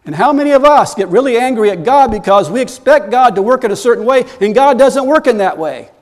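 A high-pitched man preaching to his congregation. He tells stories and often climbs into loud, animated stretches of emphasis. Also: brisk. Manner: storytelling preacher, rising to loud animated bursts. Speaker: pastor. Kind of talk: sermon.

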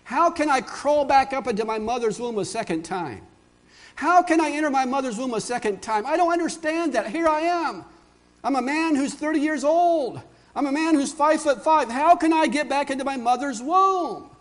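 A man's voice: very high voice, expressive, moderate pace, voice pushed up. A preacher acting out a puzzled, literal-minded man of thirty who pleads to have things explained. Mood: baffled. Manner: baffled, pleading questions.

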